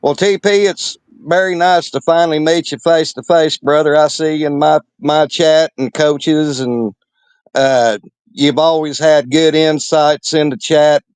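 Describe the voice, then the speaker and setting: A man who is a regular panelist, speaking in a heartfelt, halting way full of fillers. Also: fairly high pitch, fairly even intonation, clean tone, dry recording. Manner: heartfelt, hesitant, many fillers. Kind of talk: casual panel chat.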